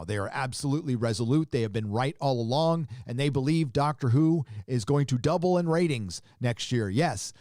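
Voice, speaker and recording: A man hosting a casual livestream with a medium-pitched voice. He rambles, restarts his sentences and reacts on the fly. The recording is dry and close, with almost no room sound. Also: dark tone, dry recording. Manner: rambling, restarts often, chuckles and reacts to images. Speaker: show host.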